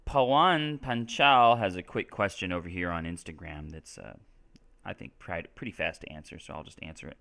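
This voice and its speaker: A man from Texas runs a live-stream English lesson in a casual, chatty way. His voice sits a little low but has a bright, forward edge. He keeps checking in with his viewers as he explains. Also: moderate pace, creaky. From Texas, United States. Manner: casual, chatty explaining with frequent "right?" and "all right?". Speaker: English teacher.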